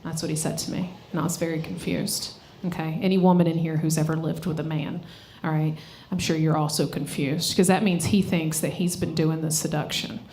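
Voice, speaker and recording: A woman's voice: on the low side, slight background noise. A woman comedian doing a live stand-up set on a stage mic, brash and profane, teasing people in the audience. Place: live comedy show venue.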